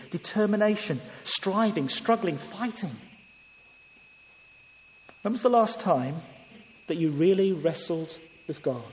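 Guy preaching in a church, highish voice, lots of questions, echoey and kinda far off. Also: darkish tone, a little hiss or hum. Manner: earnest, rhetorical questions, dramatic quoting. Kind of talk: sermon. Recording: echoey hall, heard from a distance.

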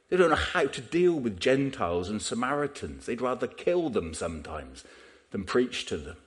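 A man preaching a sermon in a conversational way, often asking the listeners rhetorical questions. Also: medium pitch.

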